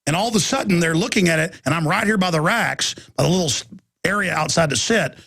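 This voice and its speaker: A man's voice: fairly high pitch, quick pace, creaky, a bit bright. A man hosting a radio talk show, telling a long rambling story in a ranting monologue. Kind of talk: ranting monologue with mocking impressions.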